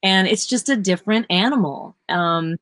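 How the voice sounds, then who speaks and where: A woman session singer chatting in an interview, telling lively stories and laughing often. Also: medium pitch, normal speed, no room sound. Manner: animated storyteller who acts out quotes, laughs often. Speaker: session singer and vocal workshop teacher. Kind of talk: casual interview chat.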